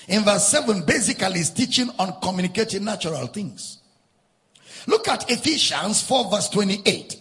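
Emphatic, gravelly-voiced preacher in a hall. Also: male voice, sits high, a bit bright. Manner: emphatic preaching with repetition and sing-song stresses. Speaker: pastor. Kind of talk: sermon.

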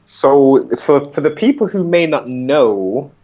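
A man hosting a casual interview, playful and quick to jump in with questions. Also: fairly high pitch, animated. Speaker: podcast host. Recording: dull lo-fi sound.

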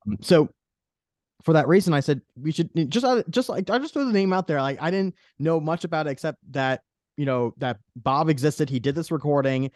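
A man's voice: fairly high pitch, brisk, darkish tone, no echo, studio quality. A man hosting a podcast in casual chat, rambling with many restarts. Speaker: podcast host.

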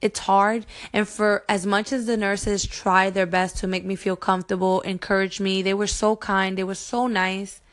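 A woman's voice: mid-range voice, level tone, normal speed, hardly any pauses. Heartfelt woman sharing her birth story. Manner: emotional, heartfelt, earnest; addresses viewers directly. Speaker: mom vlogger. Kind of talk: personal storytelling to camera.

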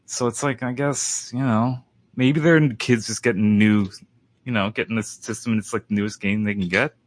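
A man's voice: on the low side, steady tone, moderate pace, dry recording. A man chatting casually on a gaming panel, rambling and sarcastic with a mock-grumpy edge. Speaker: podcast panelist. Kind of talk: casual chat.

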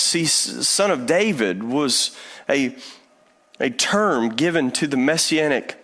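A man's voice: on the high side, lively intonation, unhurried, fairly bright tone. Self-deprecating preacher man in a reverberant hall. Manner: conversational, self-deprecating preaching, addresses listeners as friend. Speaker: pastor. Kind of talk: sermon.

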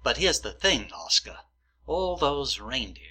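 A man playing a fussy, pedantic man who needles and lectures his roommate, indignant and drawn-out in a comedy sketch. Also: mid-range voice, sing-song, bright, forceful tone, breathy edge, heavily acted. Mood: lecturing. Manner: prissy, indignant, drawn-out storytelling.

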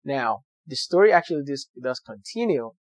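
A man's voice: mid-range voice, very animated, normal speed, no room sound. A young man earnestly telling a personal story to viewers, with motivational emphasis. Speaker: doctor sharing his story.

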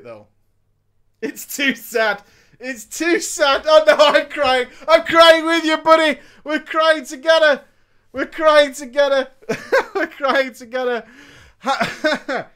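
A man with a high, bright voice that leaps all over the place reads viewers' gaming stories aloud. He stops to react with profane jokes and frequent laughter, keeping it loose and conversational. His pitch swings widely from line to line. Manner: animated and profane, laughing often. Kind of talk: casual storytelling chat.

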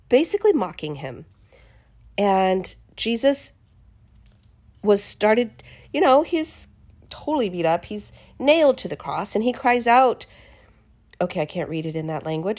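A woman casually retelling a Bible chapter in her own words, expressive and chatty, often restarting her sentences. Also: mid-range voice, unhurried. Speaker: podcast host reading the Bible.

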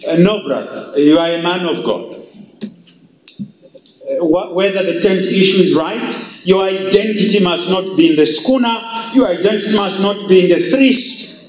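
A man's voice: high voice, unhurried, roomy sound, poor audio. A male pastor preaching emphatically and reading scripture in a sermon.

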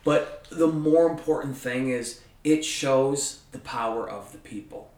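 A man's voice: mid-range voice, measured pace, a little mellow, distant mic. A man hosting a casual podcast chat, ranting with heavy swearing. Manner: profane, ranting, heated. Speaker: podcast host. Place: room with a friend. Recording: echoey room, off mic.

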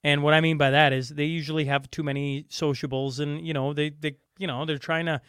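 A man's voice: a little high, level tone, a little fast, fairly bright tone, smooth, no echo, studio quality. A man co-hosting a podcast in casual chat, ranting in exasperation and tripping over his words. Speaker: podcast co-host.

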